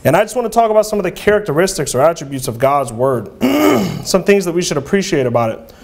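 A man preaching an earnest, halting sermon in a church, with frequent fillers and restarts. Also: fairly high pitch, very animated, creaky, a little mellow. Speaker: lay preacher.

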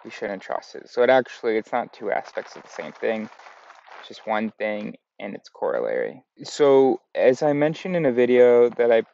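A man's voice: mid-range voice, animated, moderate pace, creaky, mellow, lo-fi sound. A man from the United States talking to camera in a casual, meandering vlog, correcting himself as he goes. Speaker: vlogger. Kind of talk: casual rambling monologue.

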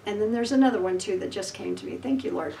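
A woman pastor preaching a sermon, telling Bible stories with lively acted-out voices and laughter. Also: medium pitch, fast, echoey room, distant mic, rough recording. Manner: animated storytelling, acting out voices and laughing.

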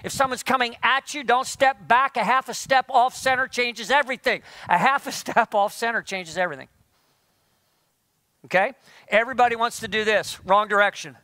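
A man preaching a sermon as pastor, animated and firing rhetorical questions at his listeners. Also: very high-pitched, normal speed, no room sound.

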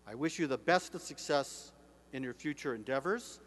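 A man in his sixties giving a formal commencement address as an author and speaker, measured and slowing down for emphasis. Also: mid-range voice. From United States. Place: large hall. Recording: echoey hall, faint hum.

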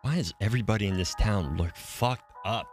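A man's voice: on the low side, brisk, soft background music. A young man casually commentating a game on a live stream, joking, crude and swearing freely.

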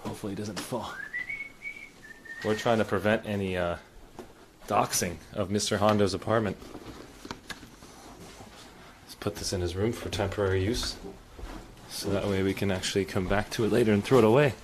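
A man's voice: on the low side, fairly even intonation, normal speed, long pauses, a little hiss or hum. A man hosting a casual livestream from indoors in an apartment, chatting in a rambling way and thanking viewers. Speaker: streamer host.

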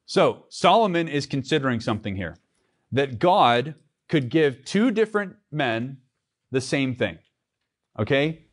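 A man's voice: mid-range voice, sing-song, measured pace. A man, the pastor, preaching an earnest sermon in church, often restarting his phrases and reading scripture aloud.

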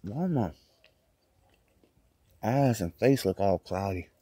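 A man's voice: on the low side, lively intonation, slow pace, dark tone, dry recording. A man vlogging casually from inside a small closet, rambling in a loose, chatty way while he eats. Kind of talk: casual mukbang chat.

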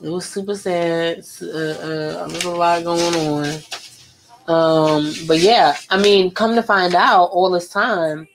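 Chatty woman, lowish voice. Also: steady tone, slow, a little hiss or hum. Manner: chatty and emotional, lots of fillers and slang. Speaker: art vlogger painting live. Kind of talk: casual chat while painting.

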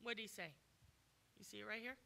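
A woman giving a sermon as a guest preacher in a church, emphatic, often asking the congregation questions and acting out quoted lines with sudden loud commands. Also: mid-range voice, steady tone, quick pace, gravelly, slight background noise.

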